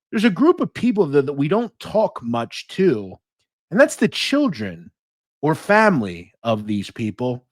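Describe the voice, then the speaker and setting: A man's voice: mid-range voice, dry recording. Upbeat man hosting an interview podcast. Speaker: podcast host. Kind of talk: interview show intro and questions.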